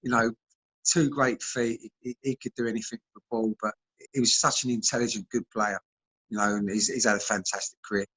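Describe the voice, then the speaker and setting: A man's voice: mid-range voice, steady tone, brisk, a bit bright, breathy edge, rough recording. A man, a former footballer telling stories in casual chat, laughing often, over a video call. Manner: chatty storyteller, laughs often.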